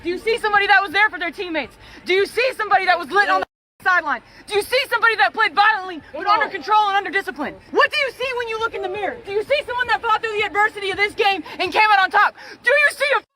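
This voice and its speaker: A woman football coach giving a pregame motivational speech, hoarse and losing her voice, firing intense rhetorical questions. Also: very high-pitched, lively intonation, racing, sharp tone.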